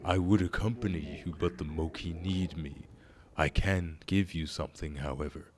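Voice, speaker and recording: A man doing a deep, solemn ancient frog guardian. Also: natural voice. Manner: slow, grave and deliberate.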